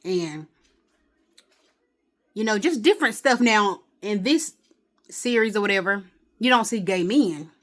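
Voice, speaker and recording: A woman's voice: mid-range voice, expressive, measured pace, pauses often, fairly bright tone. A woman talking casually to a phone camera at home in a rambling day-in-the-life vlog, with exasperated asides. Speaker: vlogger.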